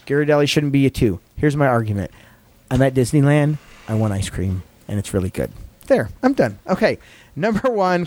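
A man's voice: a little high, darkish tone, no echo. A man hosting a casual podcast, rambling and self-deprecating as he reads out a ranked list and justifies his picks. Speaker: podcast host.

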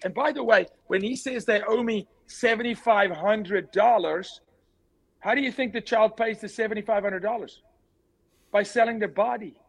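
High-voiced man speaking with force. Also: normal speed, gravelly, rough recording. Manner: forceful, emphatic, repeats key words. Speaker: guest. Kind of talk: impassioned interview talk.

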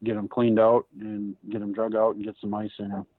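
Low-voiced male co-host on a dry, phone-like line, relaxed and full of advice. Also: brisk, no room sound. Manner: gives friendly advice. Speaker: podcast co-host. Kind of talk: casual chat.

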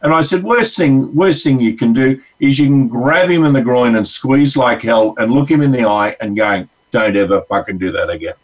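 A man's voice: mid-range voice, normal speed, few pauses, distant mic, poor audio. A man with an Australian accent, a regular counselor on a radio show, telling rambling stories with acted-out quotes. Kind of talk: casual on-air storytelling.

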